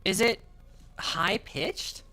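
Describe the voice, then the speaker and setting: A man streaming and reacting live, loud and profane, talking to chat over glitchy pitch-shifted audio. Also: drawn-out words, dry recording, faint music behind, low-quality recording.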